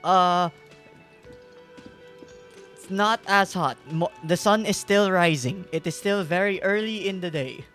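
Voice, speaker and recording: A man's voice: high voice, measured pace, pauses often, fairly bright tone, soft background music. A man streaming a game, chatting casually, laughing and reading text aloud. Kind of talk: casual gameplay commentary.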